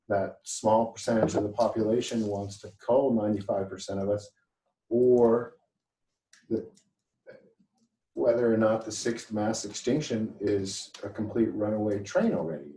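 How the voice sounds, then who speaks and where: A man's voice: fairly low pitch, normal speed, mellow, reverberant, recorded from a distance, a little hiss or hum, poor audio. A man in a group call musing hesitantly about the future. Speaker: participant in a community call. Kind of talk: casual chat.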